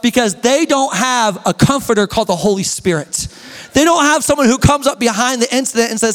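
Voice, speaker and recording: A young male pastor with a very high-pitched voice preaches a sermon in a church hall. His delivery is emphatic and drawn out, with sudden shouts and joking asides. The sound rings with long church-hall reverb. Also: animated, fairly quick.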